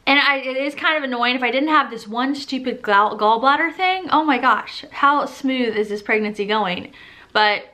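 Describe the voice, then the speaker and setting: Bright, chatty young woman vlogging. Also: high voice, normal speed. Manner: chatty, rambling, laughs often. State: pregnant. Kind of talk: casual pregnancy update vlog.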